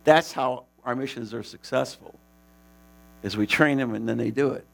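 A man casually telling the story of a preaching mission, animated and laughing, with many restarts. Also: mid-range voice, normal speed, gravelly.

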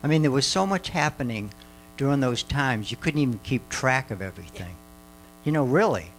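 Rambling older man giving a lively testimony. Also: medium pitch, brisk, faint music behind, rough recording. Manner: rambling, many fillers and restarts. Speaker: mission trip speaker. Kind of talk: testimony to a church audience.

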